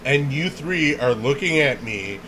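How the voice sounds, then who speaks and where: A man's voice: medium pitch, a little slow, noisy background. A man telling a funny story in casual chat, laughing often and acting out what people said. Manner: animated, laughs often, acts out quoted voices.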